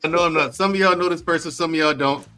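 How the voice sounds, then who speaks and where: A man on a podcast panel, telling animated stories and laughing as he talks. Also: a little high, quick pace, faint music behind. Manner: animated storyteller, laughs while talking. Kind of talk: casual panel chat.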